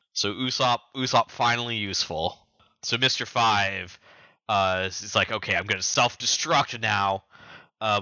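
A man's voice: deep voice, pushed and bright, no echo, dull audio. A man co-hosting a podcast, casually retelling story events and acting out the characters' lines. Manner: quick retelling with acted-out quotes. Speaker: podcast co-host. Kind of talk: casual recap chat.

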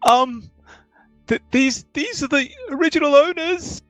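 A game master putting on a fretful, cowering man who stammers through every sentence in a high, thin voice. Each word trips over the last, full of ums. The room is dry and close, with faint music behind. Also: a little slow, fairly bright tone, dry recording. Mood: flustered. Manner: stutters and hesitates with many ums. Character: nervous stammering man, Gordon, timid and fretful.

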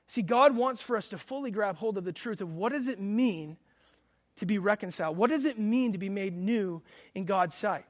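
A man's voice: sits high, animated, moderate pace. A man in his thirties preaching a sermon, telling a personal story with fervent, earnest delivery. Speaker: pastor.

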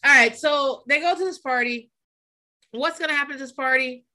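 A woman co-hosting a podcast in casual chat, animated and gossipy, laughing often and swearing freely. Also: high-pitched, moderate pace. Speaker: podcast co-host.

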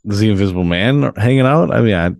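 A man with a lowish voice takes part in a casual podcast discussion. He speaks in a measured way and asks musing questions. The sound is dry and close. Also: expressive, gravelly, darkish tone, dry recording. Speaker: podcast co-host.

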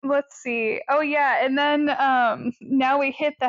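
A woman's voice: high voice, takes it slowly, dry recording, lo-fi sound. A woman chatting casually as a podcast co-host, giggly and full of fillers. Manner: giggly, with lots of fillers and playful put-on voices. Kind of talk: casual chat.

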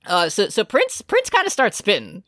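Male podcast co-host, lively swooping voice, dry close sound, comic recap style. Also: sits high, moderate pace, no room sound. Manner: animated recapping, acting out lines for laughs. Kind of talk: casual chat recapping anime.

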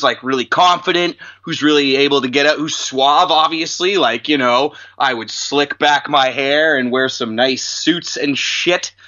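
A young man chatting casually on a podcast, self-deprecating and quick to laugh. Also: fairly high pitch, bright, forceful tone. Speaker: podcast co-host. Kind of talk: casual chat. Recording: lo-fi podcast audio.

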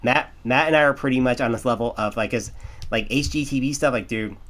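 A man's voice: mid-range voice, a little fast, fairly bright tone. An American man co-hosting a podcast, rambling in casual chat full of restarts and fillers. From United States. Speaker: podcast co-host.

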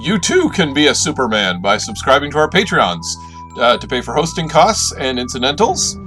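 A man co-hosts a podcast in a casual, friendly manner, dropping in uh between his thoughts. His voice sits at an ordinary mid pitch. Soft music hums in the background. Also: big pitch swings. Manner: friendly, fills pauses with uh. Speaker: podcast co-host.

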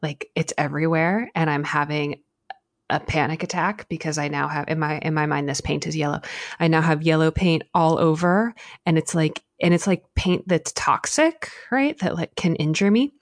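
Woman with a low voice, lively storytelling co-host in casual chat. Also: normal speed. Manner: animated storyteller with vivid examples.

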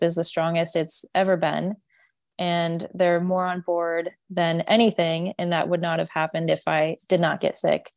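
A young woman opens up as a podcast guest, her voice set a touch low. She rambles, filling gaps with "like" and "you know". The sound is dry and close. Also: dry recording. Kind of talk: candid interview talk.

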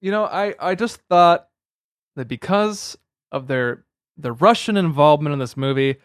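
A man co-hosting a movie podcast, teasing his partner in a playful, deadpan way. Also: on the high side, moderate pace, no room sound, clean studio sound. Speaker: podcast co-host. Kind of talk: casual chat.

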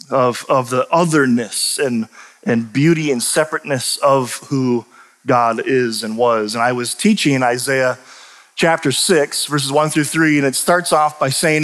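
A man preaching a sermon, animated and emphatic, often restarting his sentences. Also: a little high. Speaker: pastor and teacher. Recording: long reverb of a large hall.

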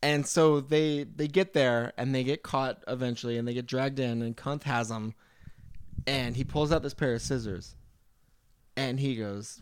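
A man co-hosting a casual podcast, retelling film scenes with lively quoted lines. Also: mid-range voice, unhurried, clear, resonant tone, no echo. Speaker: podcast co-host. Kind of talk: casual chat.

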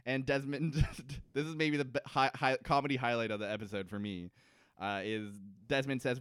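A man's voice: mid-range voice, fairly even intonation, normal speed, fairly bright tone, clean tone, no room sound, clean studio sound. A man co-hosting a podcast, casually recapping a TV episode and acting out the characters in goofy voices. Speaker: podcast co-host.

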